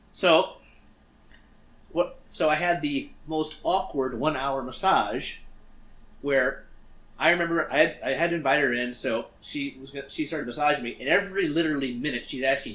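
A man's voice: medium pitch, a little fast, roomy sound. A man co-hosting a podcast, telling a story casually and acting out what he said. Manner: animated, acts out quotes of himself. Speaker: podcast co-host.

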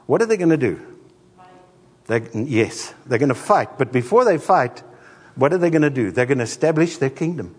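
A middle-aged man preaching a sermon as a pastor, an animated storyteller who acts out the voices in his stories. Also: mid-range voice, normal speed, long pauses, breathy edge, in a large hall.

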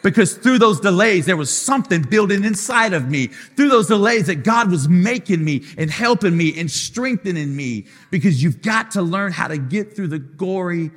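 A man's voice: high-pitched, expressive, moderate pace, few pauses, fairly bright tone. A man preaching as lead pastor in a live sermon, with impassioned, repetitive phrases that swell into sung lines. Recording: long hall reverb.

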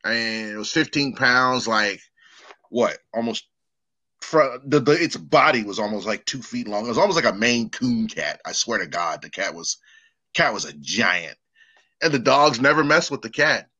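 A man with a bright, forceful voice chats casually on a podcast and tells a story. He acts out the people he quotes as he goes. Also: medium pitch, lively intonation, normal speed. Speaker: podcast co-host. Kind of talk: casual chat.

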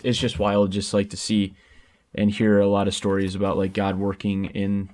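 A man's voice: on the low side, monotone, moderate pace, darkish tone. A man hosting a podcast, chatting casually and loosely with lots of fillers. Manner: laid-back, filler-heavy talk. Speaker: podcast host. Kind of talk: casual chat.

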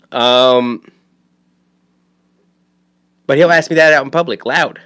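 A father rambles about his son in a casual monologue, swearing freely, restarting often, and stammering over words. His voice is medium-pitched and fairly bright, and he speaks slowly.

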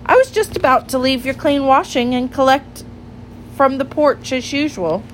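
A woman's voice: high voice, moderate pace, a little hiss or hum, voice pushed up, close to an everyday voice. A woman reading a storybook aloud and voicing a fussy little female hedgehog washerwoman with a bustling, polite manner.

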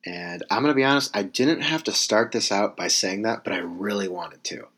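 A man's voice: fairly low pitch, normal speed, fairly bright tone, husky. A young man in his twenties from California, giving a rambling, self-correcting comedic monologue with wry asides.

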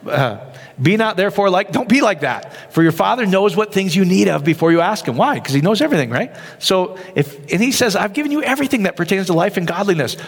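Lively male pastor with a high, swooping voice, peppers his sermon with questions, reverb from a big hall. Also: fast, gravelly. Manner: animated, asks the crowd rhetorical questions.

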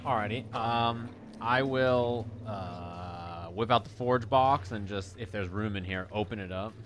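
A man's voice: lowish voice, a little slow, slight background noise. A man playing a tabletop game, talking in an easygoing, chatty way. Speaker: player. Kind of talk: casual tabletop play.

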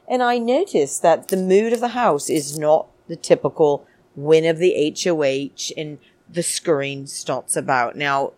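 A woman with a deep voice hosts a chatty, gossipy show recap in a dry recording. She's sarcastic and keeps using pet names for her viewers as she gives her casual commentary.

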